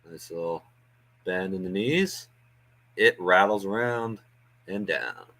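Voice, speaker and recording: A man with a lowish voice calls a basketball game in casual play-by-play for a home stream. He thinks aloud as he goes, chatty and loose, with plenty of ums and uhs between plays. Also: takes it slowly, a bit bright. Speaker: watch-along host doing play-by-play. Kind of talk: casual live play-by-play commentary. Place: home watch-along stream.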